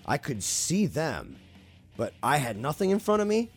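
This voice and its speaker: A man's voice: fairly high pitch, very animated, normal speed, slightly rough, soft background music. A man casually telling a spooky story on a podcast, swearing freely and talking animatedly.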